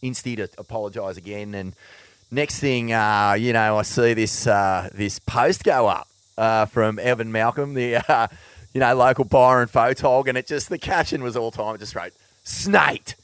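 A man's voice: mid-range voice, fairly bright tone, no room sound. A young Australian man chatting casually as a co-host, dropping swear words and self-mocking laughs. His voice sits close and dry to the microphone, with no room sound around it. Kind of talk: casual podcast chat.

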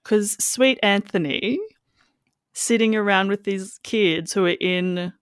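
A woman's voice: mid-range voice, takes it slowly, no echo, studio quality. A woman hosting a podcast, chatting casually and acting out quotes as she talks. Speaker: podcast host. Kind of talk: casual chat.

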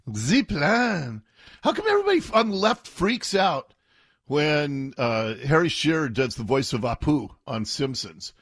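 Sarcastic, husky-voiced radio host. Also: male voice, fairly high pitch, sing-song, normal speed, no echo, clean studio sound. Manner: sarcastic, mocking, laughs often. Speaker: radio talk show host. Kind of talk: opinionated talk radio monologue.

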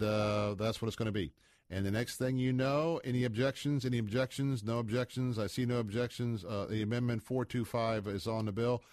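A man's voice: mid-range voice, darkish tone, no room sound, studio quality. A middle-aged man hosting a talk radio show, rambling in a folksy manner with many filler sounds.

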